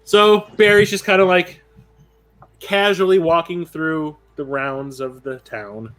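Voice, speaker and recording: Male game master, loose casual narration, slightly high voice. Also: slow, fairly bright tone. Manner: loose, rambling descriptions.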